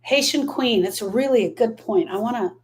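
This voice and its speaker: Middle-aged woman, grief-coach host on a live stream, voice on the higher side, emphatic, repeats herself for effect. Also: normal speed, darkish tone, a little hiss or hum. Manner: emphatic, repeats key phrases, answers viewer comments. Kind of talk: live-stream talk to viewers.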